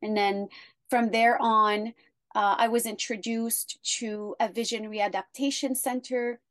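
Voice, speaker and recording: A woman guest telling her story in an interview, earnest and measured. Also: a little high, fairly even intonation, fairly bright tone, dry recording.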